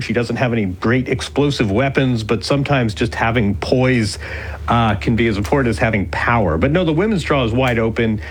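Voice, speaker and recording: A man's voice: medium pitch, breathy edge. A man speaking as a sports journalist guest in a live radio interview from a remote location, thoughtful and stopping to restart his sentences. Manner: thoughtful, hesitant with restarts and fillers. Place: remote location, not the studio.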